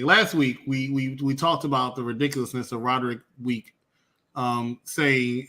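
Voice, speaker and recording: A man's voice: medium pitch, expressive, moderate pace, pushed and bright. A man co-hosting a casual wrestling review chat, teasing the others and laughing a lot. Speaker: podcast co-host.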